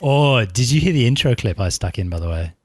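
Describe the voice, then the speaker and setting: A man's voice: mid-range voice, lively intonation, fairly quick, over loud music. A man from England whose English accent has worn toward Australian, co-hosting a podcast in casual, rambling, self-mocking chat over an online call. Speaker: podcast co-host.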